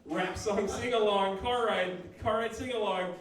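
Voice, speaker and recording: A man's voice: high-pitched, fairly even intonation, measured pace, a little hiss or hum. A man voicing a polite male customer service agent who sells upgrades in a bureaucratic way. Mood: upselling. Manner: bureaucratic, upselling. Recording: echoey room, mic far off.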